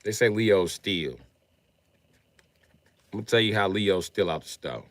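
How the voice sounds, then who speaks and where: A man doing a profane comedic rant on a livestream, jumping between loud shouted bits and low mumbled asides. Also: expressive, a little slow, no echo. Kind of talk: comedic rant with acted-out voices.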